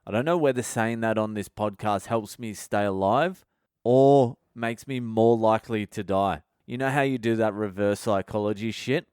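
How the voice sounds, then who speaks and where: A man's voice: lowish voice, moderate pace, a little mellow, clean tone, no echo, studio quality. A man hosting a comedy podcast, ranting and telling stories in a profane, casual monologue. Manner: profane, ranting, heavy swearing. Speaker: podcast host.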